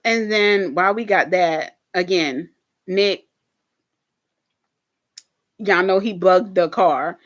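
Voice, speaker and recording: A young woman with a lowish voice speaks slowly with long pauses, recorded with dull audio. Hosting a casual reaction video, she animatedly recaps a TV episode for viewers, laughing often and swearing freely.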